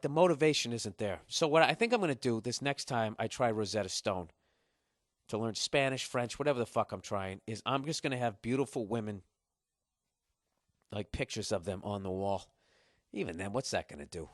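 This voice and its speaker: Male comedian, podcast rant, profane and animated, average pitch, dry studio sound. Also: brisk, long pauses, no echo. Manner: profane, animated, building to loud outbursts.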